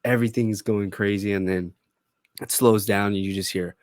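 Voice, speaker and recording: Young male co-host, lowish voice, laid-back and keen, dry close mic. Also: steady tone, moderate pace, a little mellow, dry recording. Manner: laid-back, enthusiastic, says "dude" and "like". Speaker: podcast co-host. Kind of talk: casual review chat.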